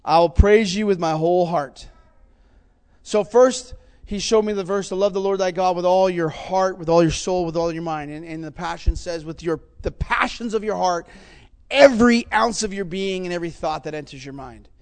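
A man with a notably high voice preaches with mounting passion. He swings between quiet, reflective stretches and loud, urgent calls to his listeners. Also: moderate pace. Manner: passionate, rising to fervent exhortation. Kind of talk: sermon.

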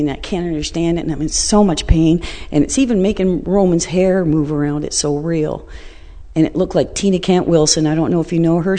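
Woman, blunt storyteller, reverberant hall. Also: low voice. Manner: colloquial, blunt and animated, vivid retelling. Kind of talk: casual personal storytelling.

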